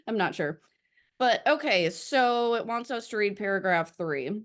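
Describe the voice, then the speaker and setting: A young woman with a stuffy nose and a slightly breathless voice, leading a study session and reading aloud haltingly with many fillers. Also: mid-range voice, lively intonation. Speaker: recovery study leader. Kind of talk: casual recorded study session.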